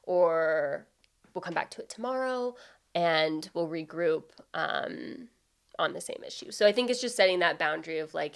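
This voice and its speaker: A woman co-hosting a casual podcast, soft-spoken and caring, often saying "mm-hmm" while listening. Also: on the low side, animated, normal speed, creaky. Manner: soft-spoken and caring, frequent backchannel "mm-hmm", many "like" fillers. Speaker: podcast co-host. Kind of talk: casual conversational podcast talk.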